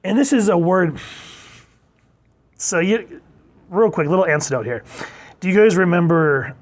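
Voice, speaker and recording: Chatty man reviewing comics, slightly high voice. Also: measured pace. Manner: enthusiastic, reads comic lines aloud in playful voices. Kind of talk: casual review monologue.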